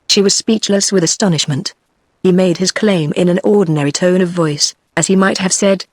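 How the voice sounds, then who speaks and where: A woman's voice: on the low side, moderate pace, husky, no room sound. Synthetic British woman reading a novel. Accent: British English. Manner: even synthetic reading, reads out punctuation. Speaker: audiobook narrator. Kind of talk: scripted narration.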